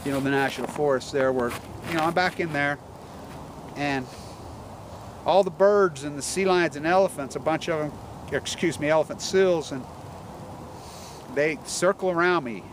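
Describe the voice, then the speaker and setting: A man's voice: on the high side, moderate pace, pauses often. A man rambling outdoors about the environment, profane and agitated. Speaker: environmental activist. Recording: noisy outdoor recording with vehicle noise.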